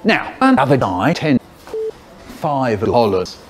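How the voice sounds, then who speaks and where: Lively British man telling a wry story. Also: mid-range voice, slow, a little hiss or hum. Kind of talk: anecdotal storytelling.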